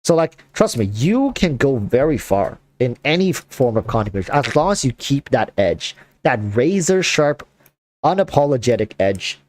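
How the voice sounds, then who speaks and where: A man hosting a casual chat, talking in an animated, rambling way with lots of fillers. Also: medium pitch, normal speed, no echo. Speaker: content creator and host.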